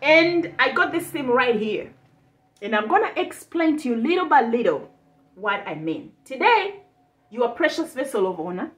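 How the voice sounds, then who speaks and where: A woman preacher delivering an impassioned sermon. She repeats rhetorical lines and breaks into bursts of shouting. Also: fairly high pitch, big pitch swings, moderate pace.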